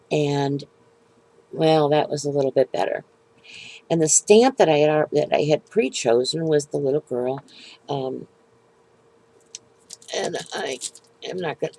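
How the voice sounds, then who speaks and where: A middle-aged woman casually showing a handmade card, talking hesitantly with many pauses and restarts. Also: deep voice, mellow, slight background noise, rough recording. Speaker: papercraft video maker. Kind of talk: casual show-and-tell crafting talk.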